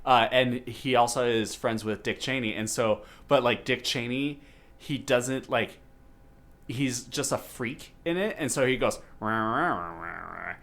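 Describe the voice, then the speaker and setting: A man's voice: medium pitch, steady tone, a little slow, fairly bright tone. A man hosting a podcast, chatting casually about a movie with many fillers and restarts. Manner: rambling, lots of fillers and restarts. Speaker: podcast host.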